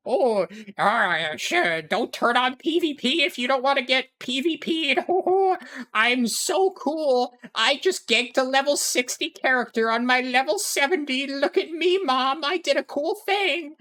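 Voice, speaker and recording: A smug, bratty male gamer gloats in a mocking, whiny sing-song, as a man puts him on. The voice sits well above the man's normal pitch and swings widely. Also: expressive, measured pace, sharp tone, heavily acted.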